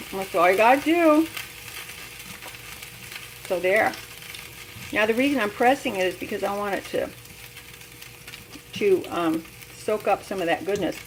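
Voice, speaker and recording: A woman's voice: medium pitch, slight background noise. An older woman giving a chatty, folksy cooking demonstration in her home kitchen, laughing at herself often. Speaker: home cook.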